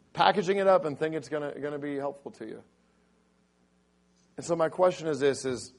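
A middle-aged pastor, his voice raspy and a little high, preaches a sermon. Quoting scripture pushes him into a loud, emphatic delivery.

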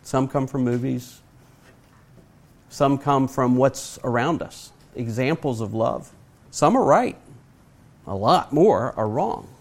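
A middle-aged man preaching a sermon, earnest and emphatic, slowing down to stress his points and putting direct questions to his listeners. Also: medium pitch, expressive. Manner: asks the audience direct questions.

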